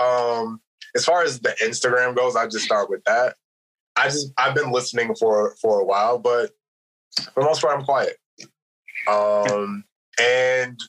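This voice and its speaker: Soft-spoken man with a bright voice. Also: medium pitch, rough recording. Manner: soft-spoken, hesitant, with many ums. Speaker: podcast guest, run club co-founder. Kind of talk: casual chat. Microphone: phone.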